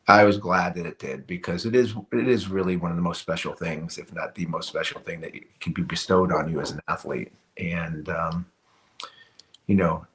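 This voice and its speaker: A deep, slightly bright voice belongs to a middle-aged man who used to play hockey and is now a guest on a podcast. In this casual interview he tells a personal story, repeatedly starting over and dropping "you know."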